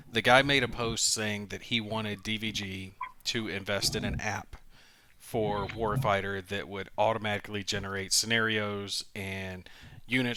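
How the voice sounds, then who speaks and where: A man's voice: lowish voice, bright, forceful tone, a little hiss or hum. A man with a Southern US accent in a casual chat, blunt, joking and dismissive.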